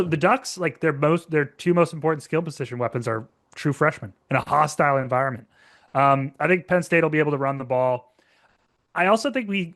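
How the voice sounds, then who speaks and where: A man's voice: mid-range voice, fairly bright tone. A man from the northeastern US co-hosting a sports podcast, giving confident, analytical opinions in a casual tone. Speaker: podcast co-host.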